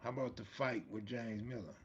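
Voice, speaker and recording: A man's voice: medium pitch, fairly even intonation, brisk, dull audio, heavy background noise. A man hosting a live stream, chatting casually in street slang and answering viewers' comments. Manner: laid-back street slang, reads and answers chat comments. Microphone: streaming mic.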